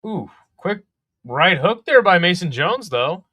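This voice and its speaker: A man's voice: high-pitched, very animated, a little slow, bright, forceful tone, no room sound, studio quality. A young man hosting a casual live fight companion stream, chatting with viewers between calls of the action and swearing freely. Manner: chatty, swears, reads chat aloud.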